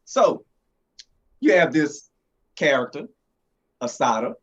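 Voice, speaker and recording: A male comic creator speaking in a mid-range voice at a steady, measured pace. His audio sounds dull and lo-fi. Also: medium pitch. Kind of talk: interview answers, reading a story blurb.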